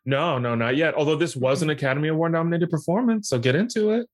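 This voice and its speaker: A man's voice: a little high, fast talker. A man co-hosting a podcast, chatting casually and playfully while recapping a movie. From Texas. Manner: chatty, animated, playful and joking. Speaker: podcast co-host.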